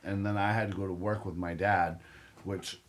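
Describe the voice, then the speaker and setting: A man's voice: deep voice, flat delivery, moderate pace. A young man co-hosting a podcast, telling a profane, rambling story in a casual chat. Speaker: podcast co-host.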